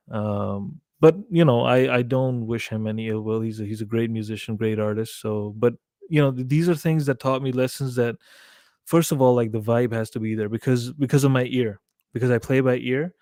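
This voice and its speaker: A man chatting as a podcast guest, telling a story with animated quoted dialogue and frequent swearing. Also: medium pitch, brisk, no echo, studio quality. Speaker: guest musician. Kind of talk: casual podcast chat.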